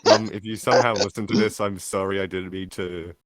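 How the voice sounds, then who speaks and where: A man's voice: sits low, fairly even intonation, brisk, over a noisy crowd. A man, a podcast co-host telling a story in casual chat, rambling and full of filler words. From Australia.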